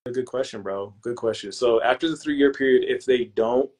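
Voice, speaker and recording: A young man who is a podcast guest and real estate investor, chatting casually and telling lively stories in relaxed, slangy speech. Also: medium pitch, normal speed. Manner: relaxed and slangy, calls the hosts "bro"; lively storyteller who acts out his own past lines. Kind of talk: casual interview chat.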